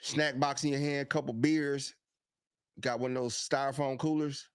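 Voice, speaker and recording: A man's voice: medium pitch, normal speed, smooth, dry recording. Hyped-up podcast guy, dry close sound. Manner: animated, hype storytelling with laughs and shout-outs. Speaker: podcast co-host. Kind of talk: casual live-stream chat.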